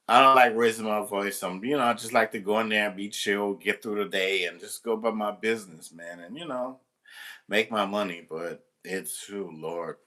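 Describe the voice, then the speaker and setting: A man's voice: on the low side, pushed and bright. A man working as a substitute teacher tells a story casually to the camera, rambling, restarting, and swearing freely.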